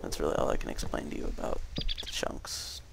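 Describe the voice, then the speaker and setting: A man's voice: a little fast, whispered. A young man rambling through casual gameplay commentary, hesitant, with many fillers and restarts. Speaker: gaming YouTuber.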